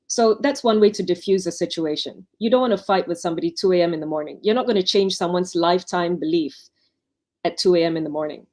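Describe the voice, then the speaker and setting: Her voice is lowish and dark, and she talks fast. She's a doctor on an online panel sharing chatty advice with new doctors through anecdotes, performing the quoted speech as she goes.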